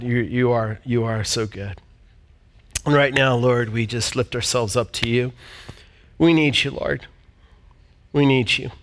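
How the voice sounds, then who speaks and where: A man's voice: medium pitch, a bit bright. Earnest man praying in church. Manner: earnest, heartfelt, repeats phrases. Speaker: pastor. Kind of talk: sermon and prayer.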